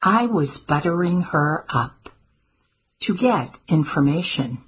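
A woman voicing a wry, sharp-tongued grandmother with dry, teasing quips in an audiobook. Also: low voice, expressive, slow pace, breathy edge, full character voice, low-quality recording. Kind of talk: audiobook character voice.

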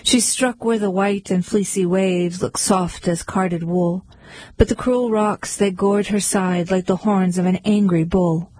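Woman reading poetry, rhythmic, measured, mellow husky voice, dry sound. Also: mid-range voice, steady tone, no echo, rough recording. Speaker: poetry reader.

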